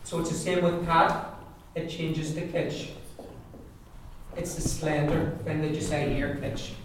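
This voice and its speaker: A man leads a language class, saying each word several times over so learners can copy it. His voice sits a little high and comes from some way off the mic. The room gives a strong echo, with a faint hiss underneath. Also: flat delivery. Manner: repeats words slowly for drilling. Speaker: Irish language teacher. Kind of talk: classroom pronunciation lesson. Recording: echoey room, distant mic.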